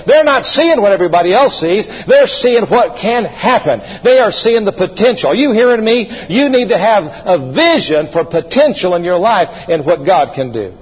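Male pastor, husky and fairly high, preaching in a reverberant church on a muffled recording. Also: big pitch swings, normal speed, few pauses. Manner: preachy, rising to fervent calls and call-and-response. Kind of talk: sermon. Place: church sanctuary. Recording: dull lo-fi sound in a long-reverb hall.

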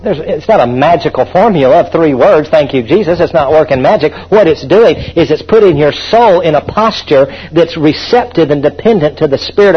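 A fervent preacher with a high, husky voice drives his sermon, calling on the congregation to answer back. The recording is dull and lo-fi.

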